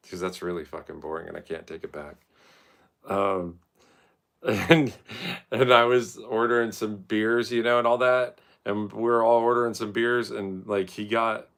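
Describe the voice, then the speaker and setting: A man's voice: fairly low pitch, gravelly, a bit bright. A man, telling profane, rambling, self-mocking stories as a casual streamer.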